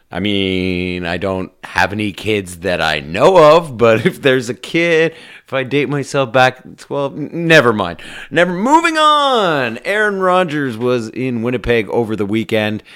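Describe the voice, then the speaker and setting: A man's voice: fairly low pitch, clean tone. A man from Canada hosting a casual radio show, rambling and upbeat with lots of fillers. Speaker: radio host.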